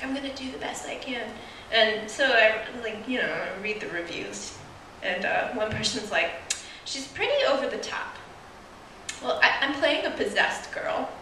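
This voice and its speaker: A woman's voice: fairly high pitch, background noise. A young woman doing a stand-up comedy set, chatty and self-mocking, laughing at her own jokes. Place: small live venue with audience. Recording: roomy, distant mic with faint ambience.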